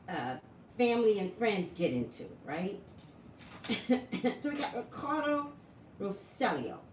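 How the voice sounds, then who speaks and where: A woman's voice: medium pitch, far from the mic. A woman talking casually to her viewers as a psychic vlogger, chatty and full of questions to the audience. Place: home room with an open door. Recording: echoey room, voice from off-mic, noisy background.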